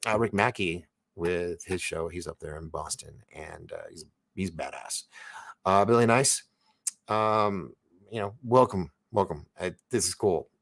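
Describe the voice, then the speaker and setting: A man's voice: sits low, a little slow, creaky, fairly bright tone. A man hosting a live online show, chatting casually, reading viewer comments, and rambling with frequent restarts and laughs. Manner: rambling, self-interrupting, laughs often. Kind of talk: casual live-stream chat.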